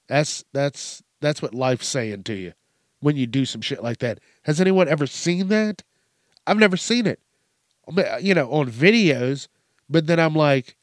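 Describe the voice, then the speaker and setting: A man's voice: fairly high pitch, lively intonation, a little slow, no room sound, clean studio sound. A man hosting a podcast, ranting crudely and swearing constantly, laughing at his own jokes. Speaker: podcast host. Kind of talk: profane comedic rant.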